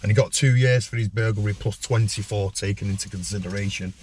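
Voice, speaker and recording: A man's voice: lowish voice, steady tone, fast talker, darkish tone, a little hiss or hum. A man in casual chat, explaining things plainly and agreeing often. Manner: chatty, frequent agreeing fillers. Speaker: former prison officer, co-host.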